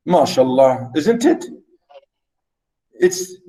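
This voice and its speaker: Lecturer, male, higher voice, unhurried, rhetorical and animated. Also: poor audio. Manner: animated, rhetorical questions, many fillers. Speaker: literature lecturer. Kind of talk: classroom poetry lecture.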